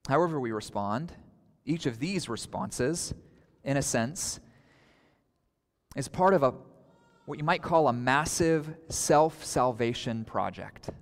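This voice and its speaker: A man preaching a sermon to his congregation, earnest, with dramatic pauses and acted-out outbursts. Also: medium pitch, lively intonation, in a large hall. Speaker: pastor.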